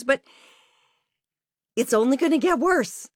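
A woman's voice: mid-range voice, expressive, a little slow, pauses often, no echo, studio quality. A woman being interviewed, speaking frankly and reflectively about her own life in a candid conversation. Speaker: interview guest.

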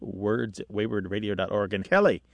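A man hosting a call-in radio show, chatting with callers and explaining word history in a lively storytelling way. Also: fairly low pitch, moderate pace, vocal fry, no echo. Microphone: studio microphone.

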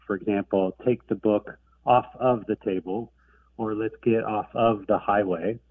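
A man's voice: fairly low pitch, fairly even intonation, a little slow, husky, recorded from a distance. A man from Ohio with an American Midwestern accent, calling in to a radio show with a chatty, self-deprecating question. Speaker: caller. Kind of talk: phone-in question. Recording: tinny phone line.

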